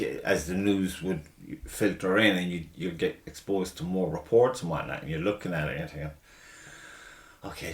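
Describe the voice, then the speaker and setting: A man hosting a casual podcast chat, animated and swearing freely. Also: low-pitched. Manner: animated, swears freely, talks over the guest. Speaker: podcast host.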